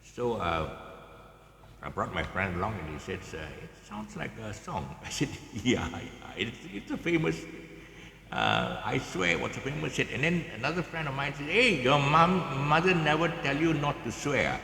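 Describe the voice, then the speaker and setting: A man's voice: mid-range voice, wildly swooping pitch, normal speed, gravelly, pushed and bright, echoey room, in a large hall, a little hiss or hum. A man with a Malaysian English accent giving a casual guitar tutorial, rambling with many fillers and restarts and chuckling often, recorded outdoors. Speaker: guitar teacher. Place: outdoors, in the open.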